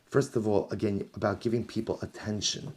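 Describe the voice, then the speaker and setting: A low-pitched man leads a Talmud class as a rabbi. He reads each passage in the original, then retells it in English with animated storytelling. He often says a line twice for emphasis. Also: a little fast, husky. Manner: reads Aramaic text aloud, then explains it in English.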